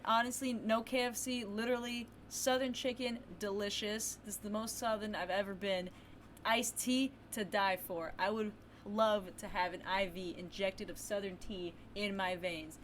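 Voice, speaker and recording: A woman streaming a video game in casual chat, playful and excitable, breaking into loud exclamations and reading game text aloud. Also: medium pitch, normal speed, a little hiss or hum.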